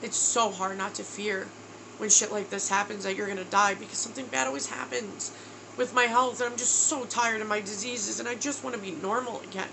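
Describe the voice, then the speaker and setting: A woman's voice: mid-range voice, steady tone, fairly quick, vocal fry, background noise. A woman in her thirties from New York, telling a personal video diary in a candid, emotional way, tired and close to tears. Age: 30s. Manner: candid, emotional, says bro. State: tearful, exhausted. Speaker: vlogger.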